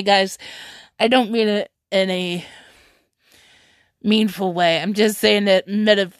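Slow-talking, excitable woman vlogger. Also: mid-range voice, no echo, studio quality. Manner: excitable and rambling, with frequent laughter and restarts. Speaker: streaming commentator. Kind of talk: casual vlog commentary.

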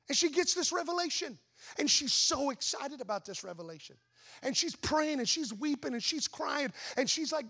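Preaching with an extremely high-pitched voice at a slightly quick clip, a man tells his congregation a lively story. He throws in rhetorical questions and voiced asides.

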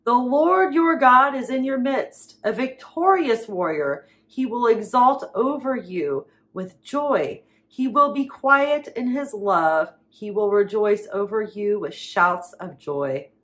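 A woman preaching, reading Bible verses aloud with slow emphasis and dramatic pauses. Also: fairly high pitch, expressive, fairly bright tone.

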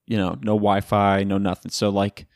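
A man's voice: fairly low pitch, completely flat delivery, moderate pace, darkish tone, dry recording, clean studio sound. A young man from Florida hosting a casual solo podcast from home, joking and swearing in slangy chat. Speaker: podcast host. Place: home room by a window in a hurricane.

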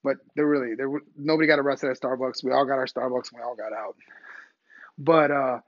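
A man hosting a podcast, delivering a profane, animated comedic rant. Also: mid-range voice, brisk, no echo, dull audio. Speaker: podcast host.

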